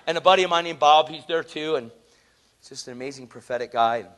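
A man preaching a sermon, telling a story in an animated, earnest, conversational way and acting out the people in it. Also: a little high, quick pace.

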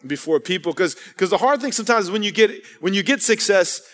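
A fairly high-voiced male pastor preaches an earnest sermon, mixing stories with calls to the congregation. His voice rings through a church hall with a long reverb tail. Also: expressive, quick pace, fairly bright tone. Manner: earnest preaching with storytelling and call-outs. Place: church sanctuary.

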